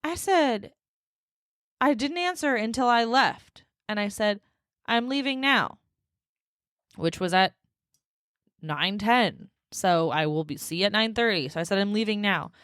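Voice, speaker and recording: A woman's voice: medium pitch, animated, measured pace, pauses often, a bit bright, no echo, clean studio sound. A young woman hosting a solo podcast, telling a dating story in a sassy, exasperated way and laughing often. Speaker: podcast host.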